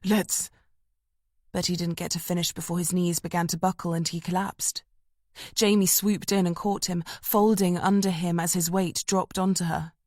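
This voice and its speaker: Woman narrating an audiobook, lowish voice, measured and tense, dry close mic. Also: level tone, darkish tone, no room sound. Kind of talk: scripted narration.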